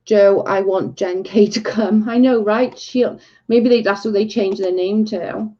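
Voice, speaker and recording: A woman's voice: medium pitch, fairly even intonation, unhurried, dark tone. A woman hosting a casual livestream, ranting in exasperation and saying "like" a lot. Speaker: livestream host. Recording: dull lo-fi stream audio.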